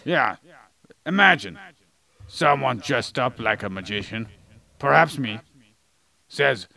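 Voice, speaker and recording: A man chats casually as a podcast co-host, mixing facts with silly jokes. His voice is gravelly yet bright and forward. The recording has poor audio quality. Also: medium pitch, animated, slow, long pauses. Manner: jokey, goofy asides. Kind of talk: casual chat.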